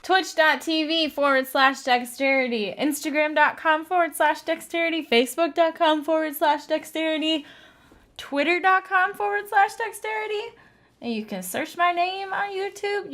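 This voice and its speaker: A woman speaks as a podcast guest in an easy, casual chat. Her voice sits high. She plays things down with a teasing, self-mocking manner. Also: normal speed, fairly bright tone.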